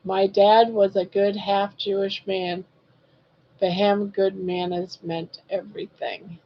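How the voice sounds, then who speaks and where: Woman in her 60s, live-stream host, slow and chatty, teases her viewers, slightly dull lo-fi audio. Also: medium pitch, level tone. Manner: chatty, reads viewer comments aloud and teases. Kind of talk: casual live-stream chat.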